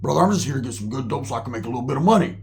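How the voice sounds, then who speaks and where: A man voicing a brash, loud-mouthed male drug buyer who swaggers and calls everyone brother. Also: medium pitch, expressive, rapid-fire, creaky.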